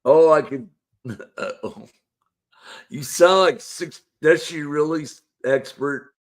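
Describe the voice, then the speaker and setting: A man's voice: fairly high pitch, slow. A man hosting a casual live-stream panel show, laid-back and chuckling as he coaxes guests to join. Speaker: livestream show host.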